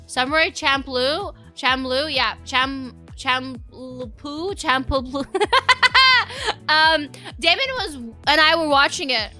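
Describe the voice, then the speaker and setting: A woman's voice: high voice, takes it slowly, sharp tone, faint music behind. A young adult woman streamer chatting casually with her viewers, rambling from one thing to the next and reacting to chat.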